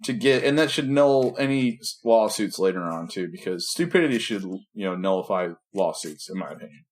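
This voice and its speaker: A man's voice: fairly low pitch, lively intonation, fairly quick. A man co-hosting a casual podcast over a call, rambling and joking, often trailing off mid-sentence. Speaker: podcast co-host. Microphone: remote video call.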